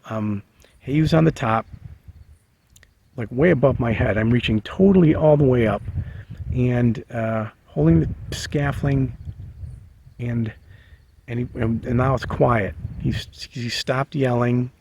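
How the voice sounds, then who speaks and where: A man casually telling a personal story, halting with many fillers and restarts. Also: mid-range voice, vocal fry, darkish tone, lo-fi sound, a little hiss or hum. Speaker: vlogger sharing a memory. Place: living in a bus.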